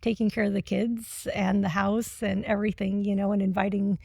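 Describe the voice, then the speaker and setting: A woman on the member care team, answering interview questions in a thoughtful, measured way with frequent pauses. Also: mid-range voice, level tone, creaky, a little mellow, no echo, clean studio sound. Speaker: missionary, member care staff.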